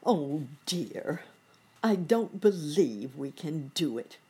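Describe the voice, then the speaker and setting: A woman doing a polite old gentleman rabbit. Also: low voice, big pitch swings, takes it slowly, a little hiss or hum, exaggerated voice. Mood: dismayed.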